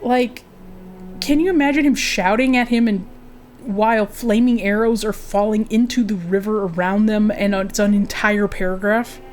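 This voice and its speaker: A woman's voice: mid-range voice, fairly even intonation, moderate pace, a little hiss or hum. Giggly woman reading a game book aloud. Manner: giggly, chatty asides between narration. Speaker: game streamer. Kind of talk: reading aloud and chatting while playing.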